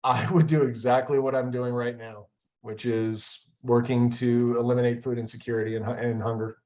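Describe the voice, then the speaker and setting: A man's voice: medium pitch, level tone, normal speed, a little mellow. A man answering playful interview questions on a video call, game and good-humored. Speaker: test speaker being interviewed. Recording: slightly dull lo-fi video call audio.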